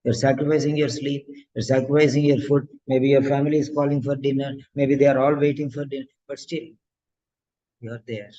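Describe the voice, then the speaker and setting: A man's voice: medium pitch, level tone, fairly quick, mellow. A male exam coach giving a motivational lecture, preachy and repeating phrases for emphasis. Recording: dull lo-fi lecture audio.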